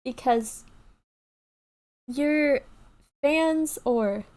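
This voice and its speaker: A woman talks straight to her viewers in a casual advice video. Her voice sits a little high, and she keeps checking in with a quick "okay?" or "right?" She often restarts her sentences, earnest and plain-spoken. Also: darkish tone. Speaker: YouTube creator. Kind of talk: casual advice talk to camera.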